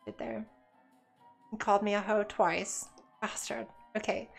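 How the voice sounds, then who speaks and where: A woman's voice: medium pitch, fairly even intonation, a little slow, creaky, soft background music. A woman chatting casually while she streams a game, rambling and joking as she plays. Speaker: let's play streamer. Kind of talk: casual chat while gaming.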